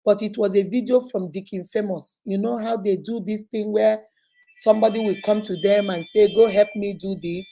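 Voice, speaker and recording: A middle-aged woman hosting a live-stream chat and counseling show, animated and chatty as she greets viewers by name. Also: medium pitch, moderate pace, vocal fry, slight background noise, rough recording. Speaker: host and counselor.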